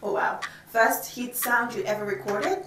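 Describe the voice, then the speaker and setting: A woman's voice: a little high, a little slow, reverberant, noisy background. A woman hosting an entertainment interview show, playful and teasing. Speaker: host.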